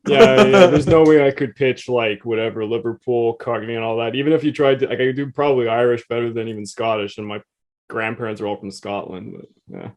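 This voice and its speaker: A man from Canada trading jokes in a relaxed podcast chat. His voice sits at a middle pitch, and he lets his sentences drop and fade as he finishes them. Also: fairly quick. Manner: joking, upbeat banter, then trailing off low. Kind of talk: casual chat.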